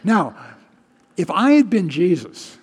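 A male pastor preaching in a relaxed, conversational way and often putting questions to his listeners. His voice is a little husky, with a long reverb trailing after his words as in a large hall. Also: sits high, takes it slowly. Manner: conversational, asks the congregation questions. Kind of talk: sermon.

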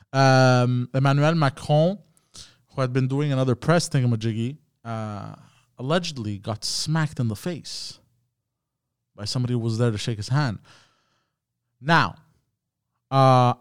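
A man's voice: medium pitch, smooth, no echo, studio quality. A man streaming live, chatting casually and profanely with his viewers in a rambling way. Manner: profane, rambling, talks to chat. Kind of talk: casual ranting stream chat.

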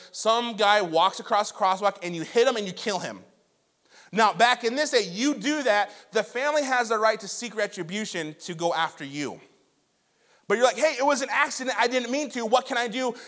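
Young male preacher, high voice, chatty storytelling sermon. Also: a little fast, fairly bright tone. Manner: conversational, self-deprecating storytelling with many restarts. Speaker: pastor.

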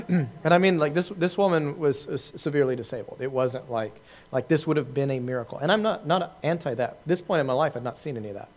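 A man's voice: fairly high pitch, animated, fast, few pauses. A man giving an informal talk to a group, telling a story in a conversational way with many fillers, restarts and laughs at himself. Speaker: preacher answering questions.

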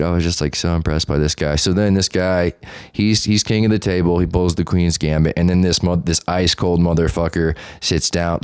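A young man hosting a podcast, telling a casual, profane story and acting out the quotes loudly. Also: low voice, clean tone, no echo, studio quality. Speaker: podcast host.

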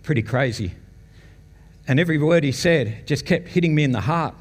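A man's voice: on the high side, expressive, normal speed. An Australian man giving a casual, storytelling personal testimony to a church congregation, chuckling now and then. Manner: conversational storytelling, chuckles often. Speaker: church guest speaker. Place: church meeting hall. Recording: long hall reverb.

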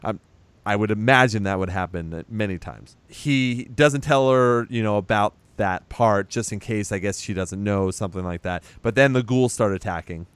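Clear-voiced man recapping a film casually. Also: lowish voice, moderate pace, dry recording. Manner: rambling retelling with acted-out quotes and laughs. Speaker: podcast co-host recapping a movie. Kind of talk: casual chat.

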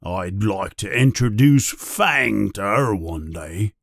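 A man voicing a big, gruff, kindly male gamekeeper in a storybook reading, hesitant and hemming. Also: medium pitch, sing-song, slow pace, no echo, clean studio sound, exaggerated voice. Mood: angry. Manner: hesitant, with filler sounds.

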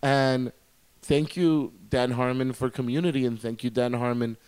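A man's voice: mid-range voice, fairly even intonation, normal speed, a little mellow, clean tone. A man co-hosting a podcast, chatting casually and rambling animatedly, swearing freely. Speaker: podcast co-host. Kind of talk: casual chat.

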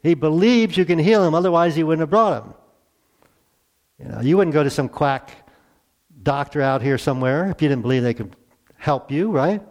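A middle-aged male pastor delivering a sermon in a relaxed, conversational way. He asks his listeners rhetorical questions, falls into quiet, hushed asides, then lifts his voice for emphatic lines. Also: a little high, normal speed, pauses often.

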